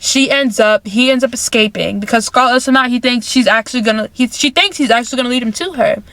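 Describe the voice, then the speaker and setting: A woman vlogger with a somewhat high voice, talking through a movie plot in loose, chatty fashion. She repeats phrases and leans on filler words. The sound is dry and close. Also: quick pace, fairly bright tone, no echo. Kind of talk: casual movie recap.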